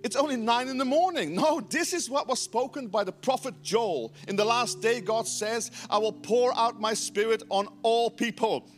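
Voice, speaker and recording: A man preaching a lively sermon as pastor, acting out quoted voices with emphasis. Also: very high voice, normal speed, hardly any pauses, soft background music.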